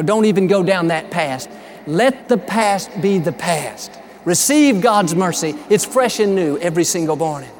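Male pastor, high-pitched, twang, emphatic and encouraging sermon delivery. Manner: upbeat, emphatic preaching with folksy storytelling.

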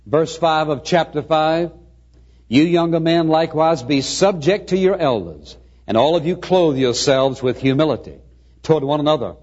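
A man preaching a sermon, swinging between quiet asides and emphatic rising lines. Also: on the high side, normal speed. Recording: dull lo-fi recording.

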